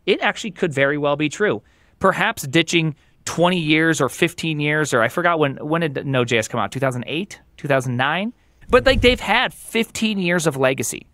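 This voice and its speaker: A man talking as a podcast guest in casual tech chat, animated and opinionated, with emphatic delivery. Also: on the high side, moderate pace, no echo, clean studio sound.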